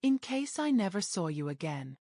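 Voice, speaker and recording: A woman narrator voicing a guarded, brooding man who is a crime boss, speaking quietly and intensely. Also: mid-range voice, very animated, normal speed, no room sound, clean studio sound. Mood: raw.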